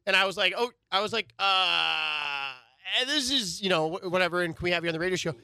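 A man who used to host sports radio, telling a story in casual podcast chat, animated and casually swearing. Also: high voice, fairly quick, smooth, dry recording, studio quality. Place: podcast studio.

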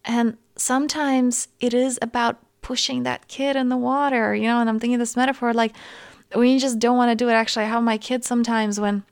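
A woman in her thirties hosting a podcast as a coach, talking gently and earnestly in a casual self-help monologue. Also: a little high, level tone, brisk, clean tone, no room sound, clean studio sound. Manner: gentle, earnest, talks through examples.

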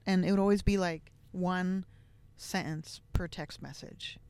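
A woman's voice: lowish voice, steady tone, measured pace, a little mellow, clean tone. A woman hosting a podcast, telling a personal family story in a candid, reflective way with many casual fillers. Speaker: podcast host.

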